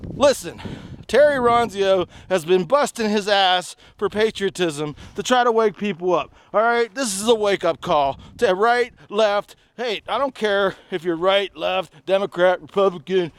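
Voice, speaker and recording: A middle-aged man vlogging outdoors on a trail, delivering an angry, rambling political rant to camera that rises into shouting. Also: high voice, unhurried, clean tone. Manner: ranting, shouting, rambling and repetitive.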